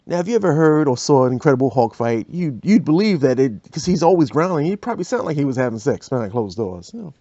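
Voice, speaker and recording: Podcast guy telling funny stories, lively, gravelly voice, kinda muffled dry audio. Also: a little high, quick pace, few pauses, no room sound. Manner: animated, slangy. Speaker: podcast host. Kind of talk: comedic storytelling.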